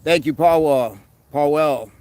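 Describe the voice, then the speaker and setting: A man hosting a casual live stream, reading comments aloud and giving quick fitness tips in a relaxed way. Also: a little high, dry recording, rough recording. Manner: relaxed, answers chat questions with quick tips.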